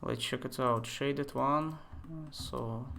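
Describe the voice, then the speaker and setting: A man in his twenties, not a native English speaker, thinking aloud and chatting with viewers during a live software tutorial. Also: medium pitch, steady tone, slow, creaky, a little hiss or hum. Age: 20s. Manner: thinks aloud, chatty asides, answers chat questions. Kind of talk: live screen-share tutorial.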